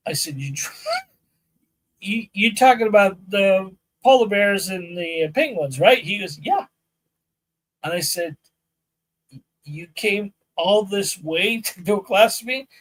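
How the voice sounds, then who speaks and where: A man hosting a live podcast as a firearms instructor, chatting casually with viewers and telling animated stories where he acts out both sides of conversations. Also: high voice, a little slow, pauses often, poor audio. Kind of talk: casual live-stream chat. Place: outdoor shooting range.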